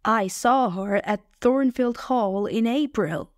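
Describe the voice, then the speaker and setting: A woman voicing a grave man, the wife's brother, in a plain, slow, measured reading. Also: on the high side, no echo, studio quality.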